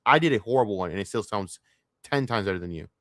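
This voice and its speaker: A male streamer tears into what he's watching, swearing in nearly every sentence. His voice sits on the low side and sounds close and dry, with no room sound. The delivery is scornful, with sudden loud outbursts. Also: expressive, quick pace, dry recording. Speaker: streamer reacting to a documentary. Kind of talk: profane ranting commentary.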